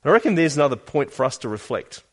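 Male pastor mid-sermon: earnest, probing questions, emphatic peaks and soft asides. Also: mid-range voice, very animated, very fast. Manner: earnest, questioning, with emphatic rises and quiet drops.

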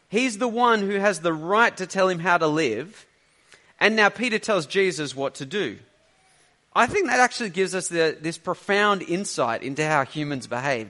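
A man's voice: high voice, pushed and bright. A man preaching a sermon, teaching earnestly and conversationally with rhetorical questions.

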